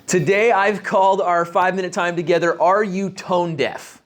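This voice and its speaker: A man's voice: sits high, steady tone, normal speed. A man giving a short leadership talk to a live networking group, chatty and asking the audience questions. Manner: conversational, asks the audience questions. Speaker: leadership speaker. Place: meeting room with a live audience.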